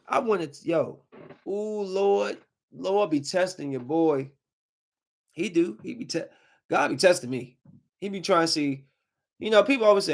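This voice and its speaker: Man, higher voice, ranting podcast host, heated and near-shouting. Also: lively intonation, measured pace, creaky, long pauses. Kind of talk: casual ranting monologue.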